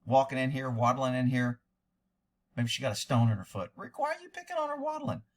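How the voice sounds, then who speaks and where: A man's voice: mid-range voice, big pitch swings, a little fast. A man giving a profane, sarcastic, exasperated running commentary on a video, as a former fugitive hunter.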